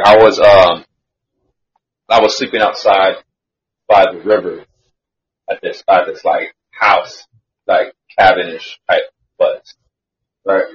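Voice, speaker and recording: Slangy, animated man telling a story. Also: low-pitched, lo-fi sound. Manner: slangy, animated, swears freely, laughs while telling. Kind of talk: casual storytelling.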